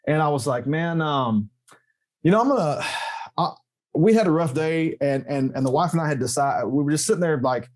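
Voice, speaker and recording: A man's voice: fairly high pitch, expressive, moderate pace. A man guest on a podcast, telling a personal story in a candid, emotional way, with swearing and many restarts. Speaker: podcast guest, motorcycle YouTuber. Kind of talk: casual interview chat.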